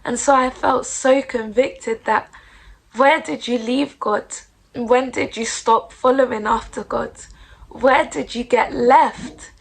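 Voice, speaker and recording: Woman podcast host, higher pitch, fry in the voice, unhurried and heartfelt. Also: fairly even intonation, rough recording. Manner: earnest, heartfelt. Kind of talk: reflective devotional monologue.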